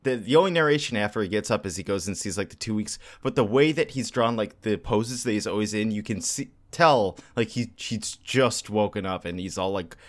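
A man in casual group chat, laid-back and quick to laugh. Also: on the low side.

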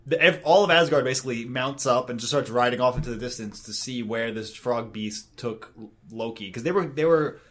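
A man's voice: medium pitch, brisk. A man co-hosting a podcast, recapping a comic in casual chat, teasing and laughing often. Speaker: podcast co-host.

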